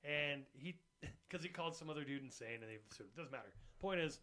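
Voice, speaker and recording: A man's voice: fairly high pitch, a little fast. A young man hosting a comedy podcast, talking casually and ranting with lots of swearing. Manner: profane, ranting, animated. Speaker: podcast host.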